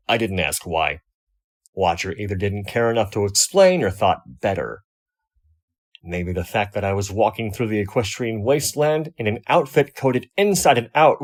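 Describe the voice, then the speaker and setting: A man reading a first-person fan fiction story aloud, wry and expressive. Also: lowish voice, normal speed. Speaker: audiobook reader.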